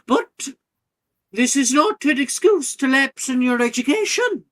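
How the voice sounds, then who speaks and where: A man voicing a brisk, proper older headmistress addressing a school hall. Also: sits high, wildly swooping pitch, voice pushed up, full character voice. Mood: announcing.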